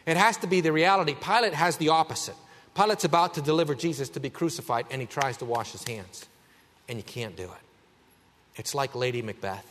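A man preaching a sermon as pastor, emphatic, swinging between a raised voice and a hushed one. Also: a little high, brisk, long reverb tail.

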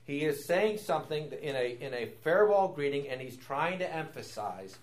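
A man with a somewhat high voice gives a Bible lecture in an animated classroom manner. He quotes passages with rising emphasis, then breaks them down with rhetorical questions he answers himself. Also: normal speed. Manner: animated, rises sharply when quoting Scripture. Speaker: Bible teacher.

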